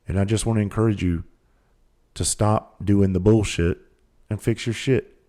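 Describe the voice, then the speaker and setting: A man's voice: lowish voice, fairly even intonation, moderate pace, dark tone. A middle-aged man with a Southern country accent, a podcast host giving a blunt, profane motivational monologue full of rhetorical questions.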